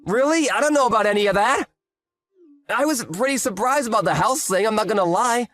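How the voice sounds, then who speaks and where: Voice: medium pitch, expressive, a little fast, a bit bright, faint music behind, lightly acted. A voice actor playing a defensive, pleading cheating husband in his late thirties. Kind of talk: voiced story drama.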